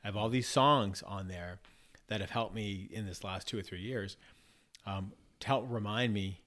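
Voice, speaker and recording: A man's voice: fairly low pitch, normal speed, pushed and bright. A man talking in a casual podcast conversation, reflective, often restarting and repeating words as he works through ideas. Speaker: podcast guest.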